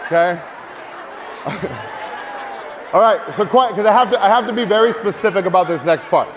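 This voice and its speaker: A man giving a lively marketing seminar to a live audience, joking and urging the crowd to take part. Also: high voice, normal speed, noisy background. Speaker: speaker at a marketing event. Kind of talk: energetic live seminar talk. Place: large hall with audience. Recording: long hall reverb.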